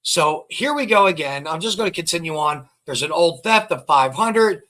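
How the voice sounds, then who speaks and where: Man, rambling, scornful, repeats himself, bright voice. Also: on the high side, expressive, moderate pace. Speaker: online show host. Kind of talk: casual commentary reading out records.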